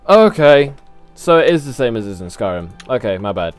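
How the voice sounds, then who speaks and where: A young man gives a rambling running commentary over a video game. He swears freely, laughs at himself, and drifts between thoughts. His voice rises and falls with lively pitch. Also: brisk, soft background music. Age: young adult. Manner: rambling, swearing, self-mocking, laughs often. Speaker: gaming channel host. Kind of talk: casual let's play commentary.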